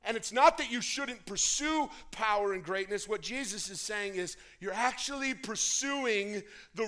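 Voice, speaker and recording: High bright-voiced preaching man. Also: expressive, normal speed, few pauses. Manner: dramatic, swinging from whispers to shouts. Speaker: pastor. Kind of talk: sermon.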